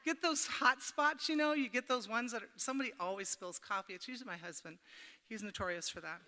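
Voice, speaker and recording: A woman's voice: on the high side, quick pace, pushed and bright. A middle-aged woman giving a folksy, chatty workshop talk at a women's church camp, telling homey stories and joking with the audience. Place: camp meeting hall. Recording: echoey hall.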